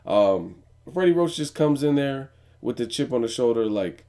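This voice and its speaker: A man's voice: medium pitch, lively intonation, moderate pace, warm tone. A young man giving a blunt, profane, opinionated commentary as a vlogger host. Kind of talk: casual news commentary.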